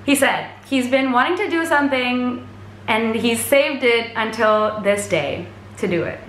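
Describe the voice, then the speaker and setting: A woman tells a concert story to camera, chatty and gushing, with fillers spilling between her thoughts. Her voice sits a little high and rings bright. The sound bounces around an echoey room. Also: unhurried, a little hiss or hum. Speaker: vlogger recounting a concert.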